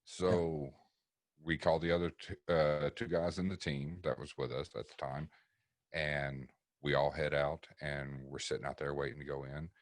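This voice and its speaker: On a podcast, a paranormal investigator guest from East Tennessee spins a relaxed, profane story at a moderate pace, vividly performing what others said. His voice is extremely deep, recorded dry and close to the mic with no room sound.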